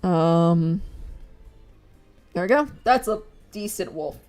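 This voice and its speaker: A woman streamer talks casually while she draws, her voice sitting low. She giggles often and acts out quotes as she retells things. Faint music plays in the background. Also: lively intonation, takes it slowly, a little mellow. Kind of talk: casual chat while drawing.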